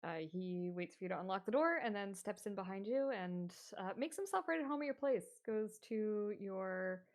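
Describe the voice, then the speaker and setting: A woman narrating as game master of a tabletop game in a relaxed, hesitant way. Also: medium pitch, moderate pace.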